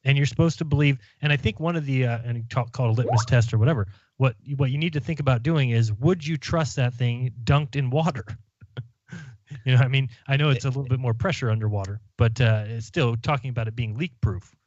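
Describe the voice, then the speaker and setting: Male podcast host, relaxed and musing; mid pitch, dry muffled recording. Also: a little fast, dry recording. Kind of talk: casual chat.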